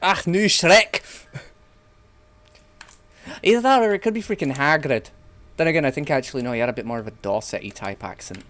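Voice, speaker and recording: A young Englishman streaming a game chats casually, rambling and joking with some swearing. His mid-range voice comes out very fast.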